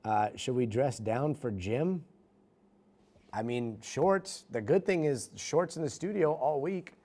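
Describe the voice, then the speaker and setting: A man's voice: medium pitch, takes it slowly, mellow. A middle-aged man, a news anchor, chatting casually with livestream viewers from a studio, self-mocking and reading comments aloud.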